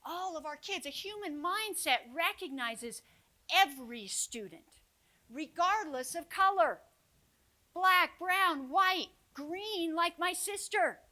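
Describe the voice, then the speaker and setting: Bright-voiced woman giving a keynote. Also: very high-pitched, takes it slowly. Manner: expressive, swings from hushed storytelling to loud rallying calls. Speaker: keynote speaker for teachers. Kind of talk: motivational conference keynote with storytelling. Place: conference stage before an audience.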